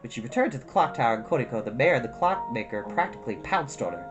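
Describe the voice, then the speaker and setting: Low-voiced woman reading a storybook. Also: quick pace, few pauses. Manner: expressive, addresses young listeners. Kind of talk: reading a children's book aloud. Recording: guitar music behind.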